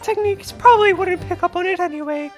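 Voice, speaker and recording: A woman voicing a haughty, prim English gentlewoman witness in a fan voice-over of a game, with mock-refined, condescending politeness. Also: very high voice, fast, soft background music. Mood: sly.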